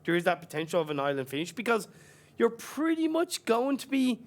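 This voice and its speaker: A man's voice: high voice, very animated, fairly quick. Chatty analytical esports caster man. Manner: analytical, chatty, filler-heavy. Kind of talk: colour commentary.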